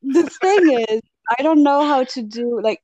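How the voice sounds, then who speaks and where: A woman's voice: sits high, animated, a little slow, dark tone, no echo, highs cut off. A young woman from France with a Parisian French accent, co-hosting a casual podcast chat and laughing often. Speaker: podcast co-host.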